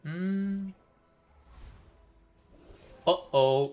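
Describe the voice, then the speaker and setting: A man's voice: medium pitch, unhurried, pauses often, soft background music. A man streaming a game live, thinking aloud about each move in a chatty way and laughing often.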